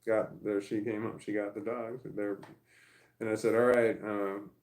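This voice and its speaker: A middle-aged man talks through a personal story in a loose, rambling way. He restarts often and swears freely. His voice sits on the low side with a gravelly fry. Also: level tone, measured pace, darkish tone, rough recording. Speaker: vlogger. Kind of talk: casual storytelling monologue.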